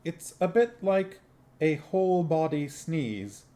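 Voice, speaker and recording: A man doing a brisk, practical young woman. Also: on the high side, animated, warm tone, pitched above the performer's own voice. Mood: musing.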